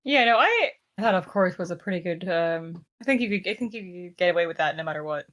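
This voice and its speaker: A woman co-hosting a podcast in a loose, casual chat. She is animated and giggly, often acting out quoted exchanges in playful voices. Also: on the low side, quick pace. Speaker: podcast co-host. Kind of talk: casual chat reviewing a show.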